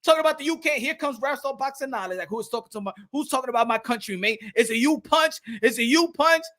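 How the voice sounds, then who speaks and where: A man hosting a casual boxing livestream, excitable and slangy, often shouting and laughing as he talks. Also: very high-pitched, fast. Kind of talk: casual livestream chat reading viewer comments.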